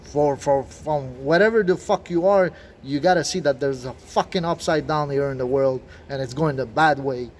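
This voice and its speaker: Speaking at a moderate pace in a mid-range voice, a video blogger rants through a conspiracy theory. His talk is agitated, peppered with swearing, false starts and fillers, and faint noise sits behind him.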